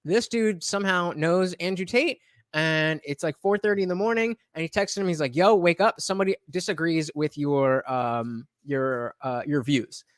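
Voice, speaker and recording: Reacting casually to a debate clip, this male streamer rambles, uses lots of fillers and restarts, and swears bluntly. He speaks at a normal speed in a fairly high voice, captured dry on a close mic.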